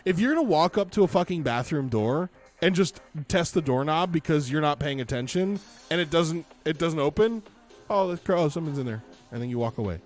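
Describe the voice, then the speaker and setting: A man's voice: on the high side, fairly quick, soft background music. A man streaming, telling a story in casual chat, exasperated and swearing freely. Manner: animated, exasperated, profane.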